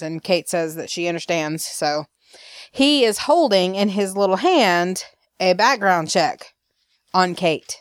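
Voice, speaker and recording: A woman's voice: on the low side, expressive, unhurried, no echo, studio quality. A woman from Alabama with a Southern accent, chatting casually as a podcast host and acting out quoted lines with laughs. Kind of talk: casual recap chat.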